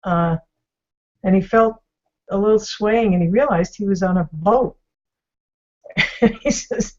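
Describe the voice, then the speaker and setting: A woman's voice: medium pitch, a little slow, pauses often, darkish tone, highs cut off. Woman retelling a story with fillers. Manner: rambling, with many fillers and restarts. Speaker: discussion host. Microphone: video call.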